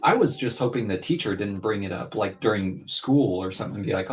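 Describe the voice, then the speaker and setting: A man's voice: fairly low pitch, lively intonation, brisk, few pauses, poor audio. A father on a streamed podcast, telling a family story in a loose, rambling way full of fillers. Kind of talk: casual chat while streaming.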